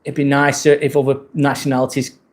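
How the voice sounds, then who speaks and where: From indoors in a rented apartment, a man with an English accent runs a relaxed live stream, chatting and replying to incoming viewer comments. His medium-pitched voice is monotone and brisk.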